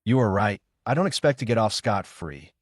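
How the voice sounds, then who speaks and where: A man voicing a young male ninja who is cool-headed but quick to anger. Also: on the low side, expressive, dry recording, clean studio sound. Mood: calm.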